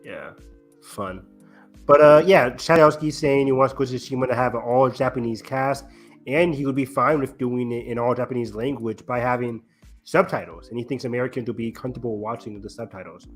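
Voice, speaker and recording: Faint music plays behind this podcast co-host, a man with a medium-pitched voice. In a casual chat about film news, his speech is rambling and halting, full of ums and false starts.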